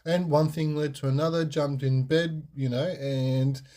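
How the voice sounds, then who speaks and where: A man's voice: fairly high pitch, little pitch movement, a little slow, mellow. A young man, hosting a podcast and telling a personal story in a frank, rambling way, full of fillers and restarts. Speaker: podcast host. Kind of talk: casual storytelling monologue.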